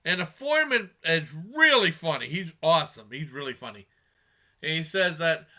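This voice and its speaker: A man's voice: a little high, big pitch swings, normal speed, bright, forceful tone. A man giving a casual spoken movie review, rambling with many fillers and restarts.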